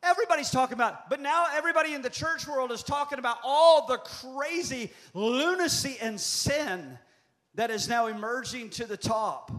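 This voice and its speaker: Man, 50s, pastor, prophetic sermon, strikingly high pitch, impassioned repeating phrases. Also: normal speed, a bit bright. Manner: impassioned, repetitive preaching cadence.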